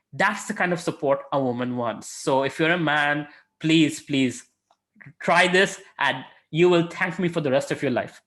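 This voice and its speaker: A man's voice: on the high side, measured pace, a bit bright. Man giving a chatty spiritual lesson. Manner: conversational, many filler sounds, acted quotes. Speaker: spiritual lecturer and mentor.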